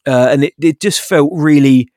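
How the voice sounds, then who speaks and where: Opinionated podcast co-host, dry. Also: male voice, fairly high pitch, normal speed, a little mellow, no echo. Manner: opinionated, candid critique with laughs. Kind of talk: casual chat.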